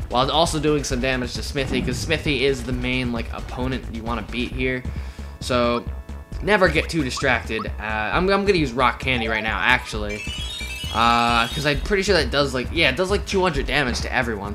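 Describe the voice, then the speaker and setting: A young man giving rambling, joking commentary on a video game he is playing, with lots of fillers. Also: mid-range voice. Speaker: let's play commentator. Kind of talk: casual gameplay commentary. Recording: game music behind.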